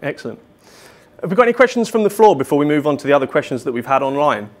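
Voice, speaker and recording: A man's voice: on the high side, very animated, rapid-fire. A man moderating a panel Q&A at a business event, upbeat and casual, with frequent fillers. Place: large hall at a business event.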